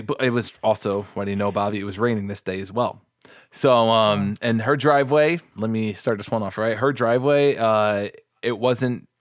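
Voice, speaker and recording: Man, mid-pitched voice, dry close sound, podcast host, rambling hesitant storytelling. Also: clear, resonant tone, no room sound. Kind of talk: casual podcast chat.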